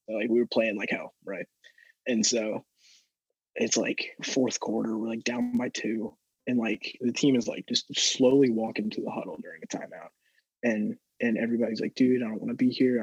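Husky young man telling stories. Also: medium pitch, no echo, lo-fi sound. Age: young adult. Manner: rambling, repeats words, heavy swearing. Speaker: podcast co-host. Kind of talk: casual storytelling chat.

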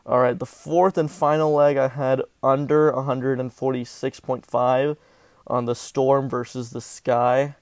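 A man's voice: mid-range voice, flat delivery, a little slow, darkish tone, dry recording. A man from Southern California hosting a casual sports betting podcast, talking animatedly with melodramatic, self-mocking complaints about his bets.

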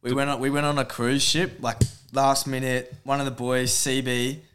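A man on a podcast, telling a story in a relaxed, rambling way. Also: medium pitch, normal speed, a little hiss or hum. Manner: relaxed, rambling, lots of fillers. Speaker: podcast co-host. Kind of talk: casual storytelling chat.

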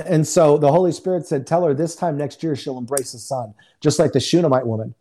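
A man's voice: a little high, fairly quick, warm tone. A man speaking as a guest minister, telling a personal testimony in a conversational way and acting out the dialogue in quotes over a remote call. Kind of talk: storytelling testimony.

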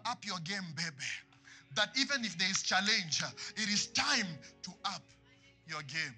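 A man preaching a sermon in church, swinging from loud passionate lines to hushed ones. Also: high-pitched. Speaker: pastor.

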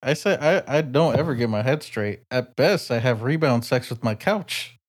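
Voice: medium pitch, expressive, moderate pace. A co-host teasing and cracking jokes in casual podcast chat. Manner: teasing, wisecracking.

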